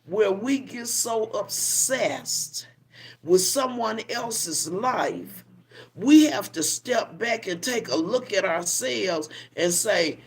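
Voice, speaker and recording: Slow, gravelly-voiced older grandmother scolding online. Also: medium pitch, animated. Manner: preachy, scolding, drawn-out emphasis. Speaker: livestream host. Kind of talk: casual livestream commentary.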